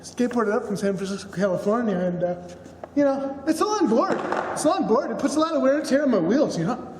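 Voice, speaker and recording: A man's voice: very high-pitched, lively intonation, quick pace, a little mellow. A man voicing a laid-back male skater-bro ghost who drawls and keeps saying "bro". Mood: mellow slacker. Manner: drawling, says "bro" constantly. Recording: echoey hall with faint noise.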